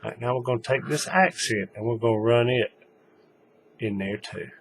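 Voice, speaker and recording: A man's voice: medium pitch, moderate pace, vocal fry, slight background noise. A man giving a casual, folksy hands-on craft tutorial, talking while he works. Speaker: paracord tutorial maker.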